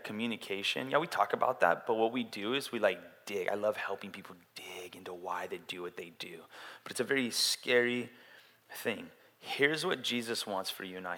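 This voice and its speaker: A man preaching a sermon in a casual, animated way, acting out quotes as he tells stories. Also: on the low side. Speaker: pastor. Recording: long hall reverb.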